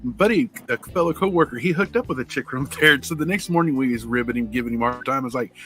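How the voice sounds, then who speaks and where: Bright-voiced man chuckling through stories. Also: mid-range voice, quick pace, soft background music, poor audio. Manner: chuckling storyteller, folksy grammar. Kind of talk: casual banter.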